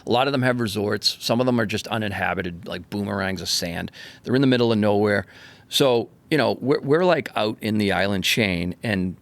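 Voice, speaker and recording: A man, a fishing charter captain, telling a story in a casual, animated way, acting out the voices as he goes. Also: lowish voice, moderate pace, no echo. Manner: animated, acts out voices, swears freely.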